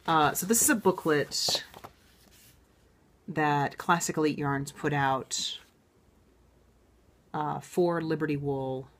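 A woman with a low-pitched voice hosts a knitting show in a relaxed, chatty way. She sounds enthusiastic and talks as if thinking aloud, with frequent ums and restarts. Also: slight background noise. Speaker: knitting podcast host. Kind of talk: casual show-and-tell chat.

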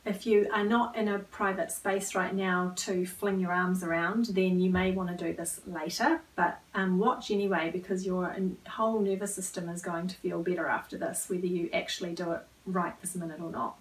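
A woman trainer calmly leading listeners through a guided movement exercise, at times dropping to a near whisper. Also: on the low side, normal speed, few pauses, recorded from a distance, low-quality recording. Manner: calm, coaching, drops to a near whisper at times. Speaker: wellbeing trainer.

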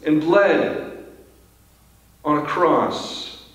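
A pastor with a fairly high, fairly bright voice preaches in an extremely slow, sing-song way. He sounds earnest and often repeats words as sentences begin. The recording comes from a distant mic in a strongly echoing church sanctuary.

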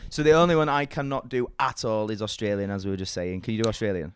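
A man's voice: fairly low pitch, fast talker, clear, resonant tone. A man hosting a podcast interview, asking encouraging questions in casual chat. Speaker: podcast host.

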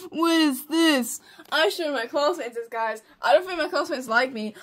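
A young woman giving a casual tour of her sketchbook, excitable and giggly, sounding tired. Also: high voice, unhurried, few pauses. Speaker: art student showing a sketchbook.

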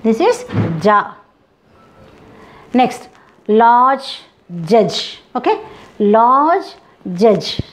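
A woman from India with an Indian English accent, teaching English phonetics and repeating each example word slowly several times. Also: a little high, sing-song, a little hiss or hum. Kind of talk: phonetics lesson with slow repeated example words.

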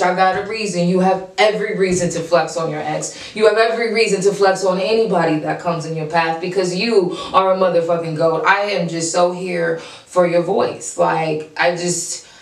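A woman hosting a casual reaction show, gushing and excitable, repeating herself as she praises the freestyles. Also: fairly low pitch, reverberant, recorded from a distance, rough recording.

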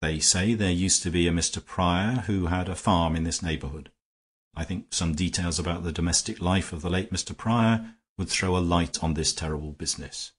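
A calm, wry gentleman detective talks things through quietly in a storybook reading, voiced by a man. His voice sits deep and a little husky. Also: moderate pace. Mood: thoughtful. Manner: low, thoughtful, dry.

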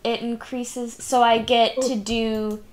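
A young woman playing a tabletop game with friends, bubbly and quick to cheer. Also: on the high side, little pitch movement. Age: young adult. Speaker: player. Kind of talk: casual tabletop play.

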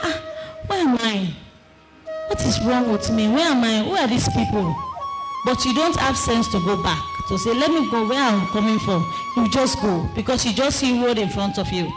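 A woman gives an emotional spoken testimony in a fairly high, animated voice at a moderate pace, impassioned and at times crying out and shouting. Music plays in the background, and the recording quality is low.

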